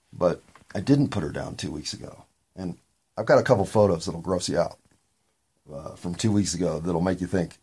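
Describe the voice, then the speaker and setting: A man with a gravelly voice hosting a podcast, talking in a candid, meandering solo monologue with occasional swearing. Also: low-pitched, a little mellow. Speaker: podcast host.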